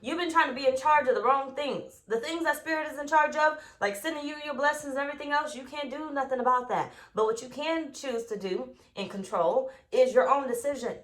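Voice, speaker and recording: A woman's voice: sits high, fairly quick, few pauses, fairly bright tone. A woman giving a tarot reading, blunt and profane, who drives her points home by repeating them. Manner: acts out quoted voices. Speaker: tarot reader.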